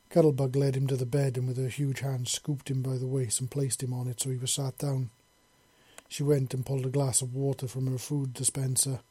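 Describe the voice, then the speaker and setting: A man's voice: mid-range voice, warm tone, husky, no room sound. A man reading a story aloud in a plain way, with small slips and restarts.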